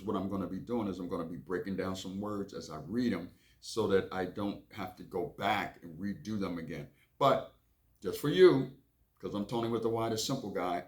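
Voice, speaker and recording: A man who hosts a reading lesson, reading aloud and stopping casually to define words, often repeating himself. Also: low voice. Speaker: reading teacher and host. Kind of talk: reading aloud and explaining vocabulary.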